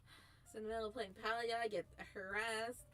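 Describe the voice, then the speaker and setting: A woman's voice: on the high side, level tone, brisk, a bit bright. A woman VTuber streamer chatting casually with her viewers in a giggly, rambling way, often breaking off mid-sentence. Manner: giggly, rambling, self-interrupting. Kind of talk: casual live-stream chat.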